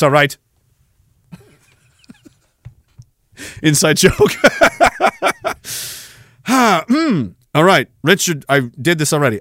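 A man's voice: on the high side, bright, forceful tone, no room sound, studio quality. A man hosting a live stream, chatting casually in a rambling, profane way and laughing often. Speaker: podcast host. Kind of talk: casual livestream chat.

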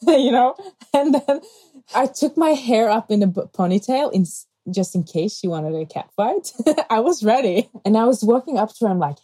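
A woman in her thirties, a pastor and podcast guest, telling personal stories in a lively way and acting out the people she quotes. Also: medium pitch, normal speed, slightly rough, low-quality recording. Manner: animated, acts out quoted voices. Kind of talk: conversational storytelling.

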